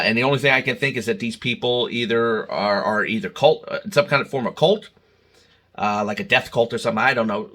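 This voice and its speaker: A man delivers a heated, emotional monologue to his viewers, stumbling over restarts and jumping into loud outbursts. His voice is bright and forceful, with a husky edge to it. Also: fairly low pitch. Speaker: channel host. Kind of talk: opinion monologue to camera.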